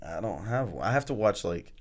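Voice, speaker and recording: A man's voice: fairly low pitch, lively intonation, brisk. A young Southern man hosting a college podcast, chatting casually with playful teasing. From Southern United States. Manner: loud laughs, playful teasing. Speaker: podcast host. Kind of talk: casual chat.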